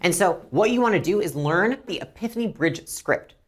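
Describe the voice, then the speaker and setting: This is a woman teaching business owners how to handle upset customers. She talks bluntly and with emphasis, her voice fairly low but moving lively up and down. She slips into quick acted dialogues between staff and customers. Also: breathy edge. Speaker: business coach. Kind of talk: instructional talk to camera.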